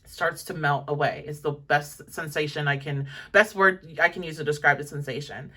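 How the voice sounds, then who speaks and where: A woman's voice: low-pitched, fairly even intonation, normal speed, bright, forceful tone, husky, far from the mic. A young woman giving a pick-a-card tarot reading in a chatty, encouraging, rambling way, full of fillers. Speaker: tarot reader.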